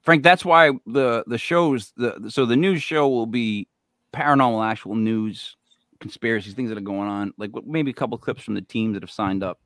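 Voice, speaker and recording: A man's voice: medium pitch, moderate pace, a bit bright, dry recording, studio quality. A man from New England hosting a casual interview, rambling and chatty with many fillers and restarts. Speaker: show host.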